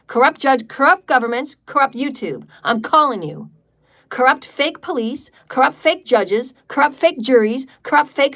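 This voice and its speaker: A woman's voice: fairly high pitch, fairly bright tone. A woman leading a livestreamed healing meditation in a defiant, declarative way, repeating chant-like lines and swearing freely. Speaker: spiritual meditation leader.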